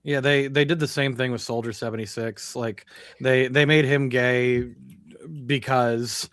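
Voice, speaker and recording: A man's voice: mid-range voice, fairly even intonation, measured pace, a bit bright, no echo. A man chatting casually as a co-host, blunt and crude in his remarks. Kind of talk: casual chat.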